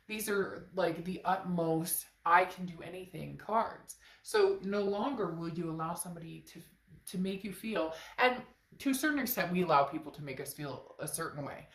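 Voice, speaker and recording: Woman, tarot reader, lower voice, stuffy nose, emphatic casual talk, echoey room. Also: moderate pace. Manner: emphatic, conversational, talks straight to the viewer. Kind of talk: tarot reading monologue.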